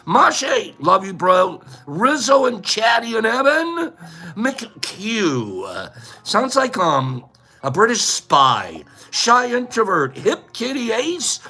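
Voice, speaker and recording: Gravelly, bright-voiced man hosting a stream. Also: high-pitched. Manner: playful, rambling shout-outs. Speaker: livestream host. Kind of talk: casual livestream chat, reading out viewer names.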